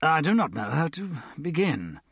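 A man voicing an anxious, embarrassed Victorian gentleman in an audiobook, with a halting, pleading manner. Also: big pitch swings, vocal fry, slightly rough, dry recording, clean studio sound, heavily acted. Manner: halting, pleading, raised pitch.

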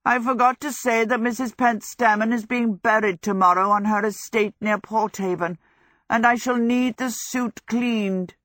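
A woman voicing a vain, self-pitying young male wizard who croaks hoarsely with a cold. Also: a little high, fairly even intonation, unhurried, fairly bright tone, no echo, clean studio sound, voice pushed up. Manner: croaking, theatrical, plays for sympathy.

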